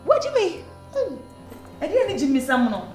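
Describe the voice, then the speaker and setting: A woman's voice: high-pitched, big pitch swings, normal speed, a little mellow. A woman, scolding and complaining in a comic drama. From Ghana. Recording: echoey room with music.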